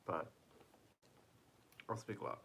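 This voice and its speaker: A tired man streaming from home on his phone, talking softly and casually as he reads chat aloud and answers viewers. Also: a little hiss or hum. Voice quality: soft-spoken, deliberately quiet. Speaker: livestreamer reading chat.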